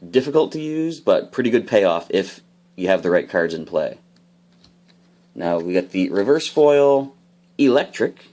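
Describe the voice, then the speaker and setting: A man casually opening trading card packs, explaining each card's rules with bursts of excitement. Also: sits low. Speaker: card unboxing host. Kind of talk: casual unboxing commentary.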